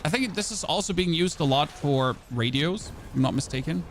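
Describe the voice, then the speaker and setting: Slightly high, animated, and a little fast, this German-native streamer's fairly bright voice comes with a bit of hiss or hum. Chatting loosely with his live chat, he rambles, jokes at his own expense, and restarts sentences.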